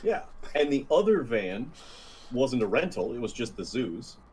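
A man playing a tabletop game, chatting casually in a wry, unhurried way. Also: medium pitch, very animated, a little mellow, a little hiss or hum, low-quality recording. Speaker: player. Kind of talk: casual chat.

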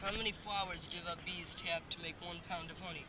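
Recorded outdoors at a farm orchard on a camera mic with loud ambient noise, a man vlogs a family farm outing in casual handheld style. His voice is high, steady in tone, and fast as he playfully teases the animals and reads signs aloud.

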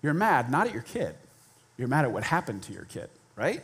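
Man preaching in church, lively and theatrical, voices the people in his stories. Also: mid-range voice, brisk, breathy edge. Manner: animated, acts out quoted voices. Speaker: pastor. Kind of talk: sermon. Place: church sanctuary.

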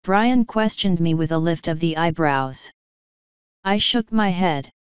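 A woman reads an audiobook with a steady, even delivery. Her voice is low and very smooth. The recording is dry and a touch dull. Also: measured pace, no echo. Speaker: audiobook narrator. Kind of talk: scripted narration.

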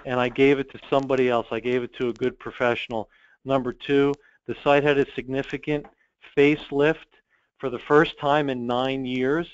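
A man's voice: mid-range voice, clear, resonant tone, no room sound, lo-fi sound. A man who owns an online store, talking directly and confidently as a guest in a business interview, with frequent ums. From United States.

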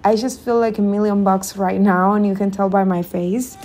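A woman's voice: medium pitch, level tone, moderate pace, over music. A woman from Cuba, raving enthusiastically in a try-on haul vlog. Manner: enthusiastic, raving about how things feel. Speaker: fashion vlogger.

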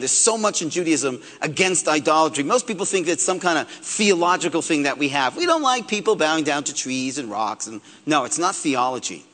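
A rabbi lectures with a joking, animated delivery. His voice sits high and swings widely. A long hall reverb trails behind him. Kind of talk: humorous sermon-style lecture.

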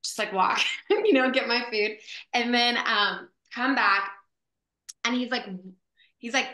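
A woman actress, a guest in an interview, telling a story in a casual, animated way with lots of fillers. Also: a little high, unhurried. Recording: echoey room.

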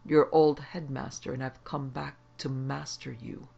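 A man voicing the gruff, roaring ghost of an old male headmaster who mocks his victims with murderous glee. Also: mid-range voice, flat delivery, unhurried, darkish tone, dull audio, heavily acted. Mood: menacing. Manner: mocking, triumphant.

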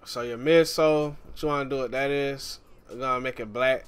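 Man, mid pitch, smooth clear voice, casual game tutorial voice-over, faint music underneath. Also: a little fast. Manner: relaxed, chatty, calls the viewer "man". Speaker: gaming YouTuber.

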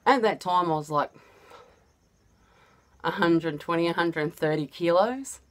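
A woman's voice: on the low side, measured pace. A woman with an Australian accent casually telling a personal story, chatty and often laughing as she goes. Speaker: vlogger.

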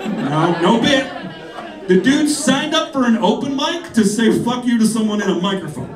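A man's voice: very high-pitched, lively intonation, moderate pace. A man doing a stand-up set, telling rambling stories with laughs and putting on voices for the people in them. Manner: rambling storytelling with frequent laughs and mimicked voices. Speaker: stand-up comedian. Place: comedy club stage. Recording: echoey club, mic heard from a distance, crowd laughter. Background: audience laughter.

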